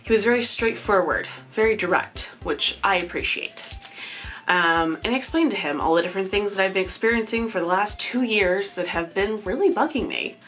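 A woman's voice: mid-range voice, a little fast, fairly bright tone, faint music behind. A woman in her thirties giving a casual, candid personal update vlog, chatty and laughing at herself, sounding tired. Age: 30s. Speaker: vlogger.

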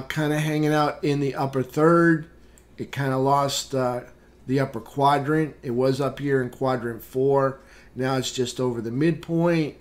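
A man hosting a live trading room, calmly talking through market charts with casual fillers. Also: mid-range voice. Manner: unhurried, plain chart commentary with fillers. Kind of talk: live market recap walkthrough.

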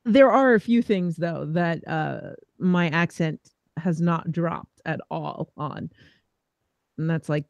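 A woman's voice: low-pitched, slow, creaky, dry recording. A woman with a New York accent co-hosting a podcast, chatting casually and laughing easily. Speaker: podcast co-host. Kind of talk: casual chat.

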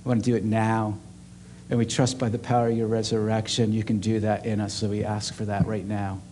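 A man's voice: fairly low pitch, completely flat delivery, fairly quick, darkish tone, slight background noise. A man preaching a sermon as a pastor at a church service, earnest and emphatic.

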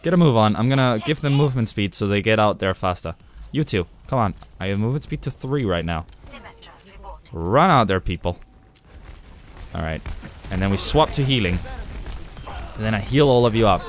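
A young man giving excitable live gameplay commentary, with loud outbursts and swearing. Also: fairly low pitch, moderate pace, pauses often. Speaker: gamer streamer.

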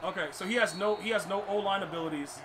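High-voiced frustrated young gaming streamer. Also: male voice, quick pace, a crowd in the background. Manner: frustrated, ranting, stammering restarts. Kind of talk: live gameplay commentary. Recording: clear background noise.

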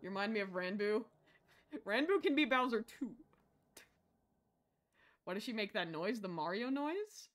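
Streaming a horror game live, an excitable woman shrieks and laughs at what happens on screen while chatting with her viewers. She has a medium pitch and a measured pace, stopping often.

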